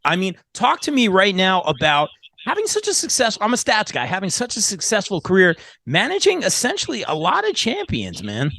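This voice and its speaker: A man's voice: high voice, huge pitch swings, a little fast, gravelly, pushed and bright, dry recording. A man hosting an interview over a remote call, talking in a hyped, casual way and often calling the guest "man" or "bro". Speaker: interview host.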